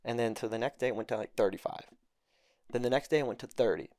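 A young man, a podcast guest, tells a story in casual talk at a fast clip, his medium-pitched voice recorded with studio quality and no echo. He swears a lot and gets animated, acting out the voices of the people he quotes.

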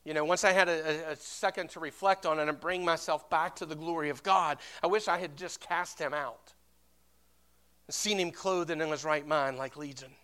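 A man preaching a sermon as pastor, building to loud emphatic peaks and calling for amens. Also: a little high, fairly even intonation, moderate pace, clean tone. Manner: impassioned, rising to loud emphatic peaks, asks congregation for amens; storytelling with repeated restarts.

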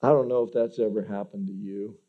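A man's voice: fairly low pitch, fairly even intonation, brisk, narrow, tinny audio. A male pastor giving a conversational sermon, often restarting sentences by repeating words.

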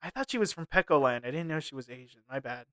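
Bright, crisp-voiced man joking on a podcast. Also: a little high, lively intonation, fast talker. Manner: laughs often, mock-serious rants. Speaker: podcast co-host. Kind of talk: casual comedy chat.

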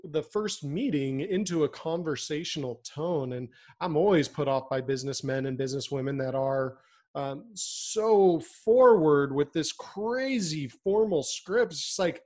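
A fairly high-voiced man co-hosting a business podcast. He talks in a loose, conversational way and breaks into lively mimicry of customers. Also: measured pace. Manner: animated, acts out customer voices. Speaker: podcast co-host. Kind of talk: casual chat.

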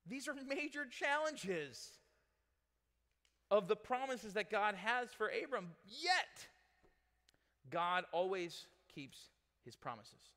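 Give me a man preaching a casual, joking sermon, with a high voice and a long reverb. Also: slow, long pauses. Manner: conversational, animated, joking with the audience. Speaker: pastor. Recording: long reverb in a large hall.

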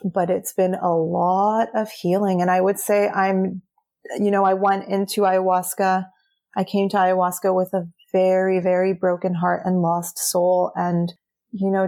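A young woman with a slightly low voice talks candidly as an interview guest. She is earnest and chatty, with frequent "like" fillers, and her pitch sits a little under the usual range. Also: flat delivery, unhurried, dark tone. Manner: chatty, earnest, says "like" often. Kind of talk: candid personal storytelling.

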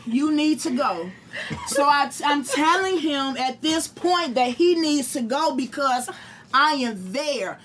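Brash high-voiced woman telling a story. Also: slow. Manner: animated, profane, acts out quotes. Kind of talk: profane storytelling to friends.

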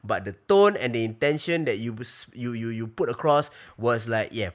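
A man's voice: a little high, lively intonation, normal speed, fairly bright tone. A man, answering fan questions in a loose, slangy live chat on his phone, repeating phrases while he thinks. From Malaysia.

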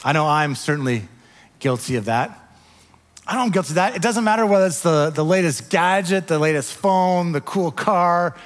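High-voiced man preaching in a reverberant hall. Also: normal speed. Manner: animated storytelling, drops to soft quiet tones. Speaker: pastor. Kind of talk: sermon.

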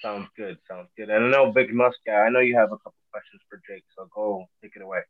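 A male interviewer asks short casual questions and answers with quick, upbeat acknowledgements. His voice comes through a thin, tinny phone line. The sound is dry. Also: on the low side, fairly even intonation, no echo.

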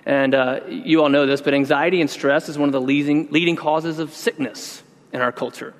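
A man preaching a sermon in an earnest, conversational way, slowing down to stress key words. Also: a little high, fairly even intonation. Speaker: pastor. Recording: long reverb in a large hall.

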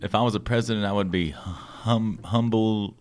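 A man's voice: fairly low pitch, fairly even intonation, moderate pace, slight background noise. A man hosting a casual podcast, joking and playful with his guests. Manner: joking, playful, laughs often. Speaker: podcast host. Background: electronic music.

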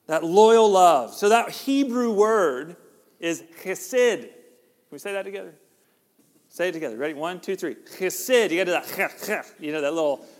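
A middle-aged man, preaching a conversational sermon that jokes with the congregation. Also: high-pitched. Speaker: pastor. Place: church sanctuary. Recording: long hall reverb.

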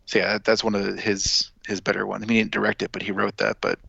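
A man in a casual podcast discussion, speaking flatly with lots of fillers. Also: fairly low pitch, quick pace, vocal fry, breathy edge, no echo, highs cut off. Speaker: podcast co-host.

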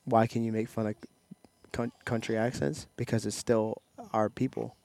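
A man's voice: fairly low pitch, little pitch movement, creaky, a little mellow, no echo. Joking young man on a podcast. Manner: joking, playful, does quick impressions. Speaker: podcast co-host. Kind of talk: casual chat. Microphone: headset.

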